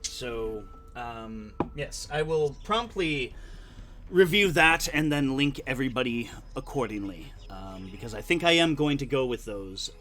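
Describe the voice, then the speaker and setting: Slow, lively-voiced man game master. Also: medium pitch. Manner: meandering, with many fillers. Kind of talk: tabletop game narration and player chat. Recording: faint music behind.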